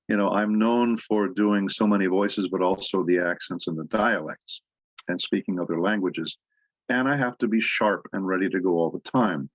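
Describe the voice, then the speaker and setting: A man's voice: low-pitched, no room sound, rough recording. A man speaking as a voice actor guest on a convention panel, telling stories with jokes. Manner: anecdotal, jokey storyteller.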